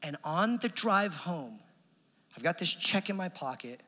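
A man's voice: fairly high pitch, expressive, unhurried, bright, forceful tone, big-room sound. A man preaching a sermon testimony, telling his story with animation and acting out the voices of the people in it. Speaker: minister.

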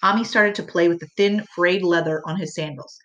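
A woman narrating an audiobook in a measured, earnest way. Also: lowish voice, fairly bright tone, muffled recording.

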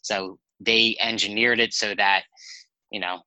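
A man with a very bright, forceful voice tells loose, rambling stories as a podcast guest. He talks casually, swears freely and jumps between thoughts. The sound is dry and close, with no room around it. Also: on the low side, measured pace, smooth, no echo, rough recording. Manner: animated, rambling anecdotes with profanity. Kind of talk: casual storytelling chat.

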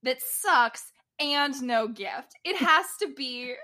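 A woman with a high, bright voice chats casually as a podcast co-host. She retells a show with exasperated energy, quoting characters and laughing at them. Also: animated, slow. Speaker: podcast co-host recapping a TV episode. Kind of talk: casual chat.

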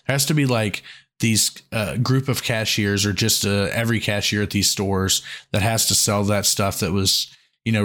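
A man's voice: lowish voice, a bit bright. Man, casual podcast chat, crude joking, rambling. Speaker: podcast co-host.

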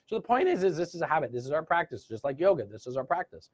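Husky-voiced male host for a live motivational stream, encouraging tone, muffled lo-fi recording. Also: a little high, sing-song, fast, hardly any pauses, a little mellow. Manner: encouraging, reads out viewer comments. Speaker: host of a live gratitude session.

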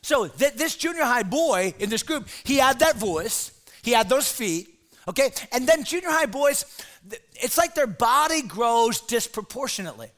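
High bright guy pastor, funny sermon, goes loud and shouty telling stories. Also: moderate pace. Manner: animated storyteller, shouts put-on voices. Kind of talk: comic sermon to teens.

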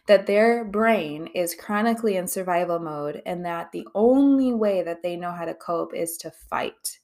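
A woman therapist talks straight to her listeners in a loose, conversational monologue, blunt and unfiltered with plenty of swearing. Her voice sits on the lower side for a woman. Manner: candid and conversational, with frequent swearing. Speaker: therapist and podcast host. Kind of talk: casual podcast monologue.

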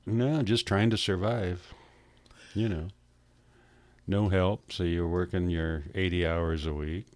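A man's voice: low-pitched, fairly even intonation, takes it slowly, a little mellow, no echo. A man co-hosting a radio chat, making dry, matter-of-fact remarks. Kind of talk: casual on-air chat.

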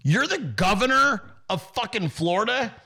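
A man's voice: high-pitched, sing-song, normal speed, gravelly, pushed and bright, slightly rough. A man hosting a political commentary show, ranting and mocking with constant swearing.

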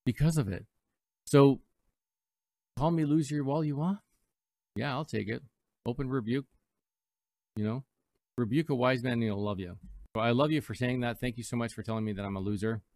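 A radio host speaks live from a studio in a mid-range, slightly mellow voice at normal speed, leaving long pauses. He chats casually, rambling through reflective stories with playful mock voices. There's no echo on the recording.

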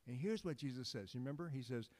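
Guy preaching a relaxed jokey sermon, middle pitch, big echoey church hall. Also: quick pace. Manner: informal, joking, conversational with restarts. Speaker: guest preacher. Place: church sanctuary. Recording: long hall reverb.

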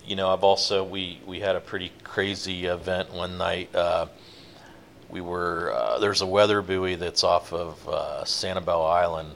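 A man telling a long fishing-boat story in a relaxed, rambling interview, with many fillers. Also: low voice, a little slow, vocal fry, slight background noise. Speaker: guest, offshore fishing boat captain.

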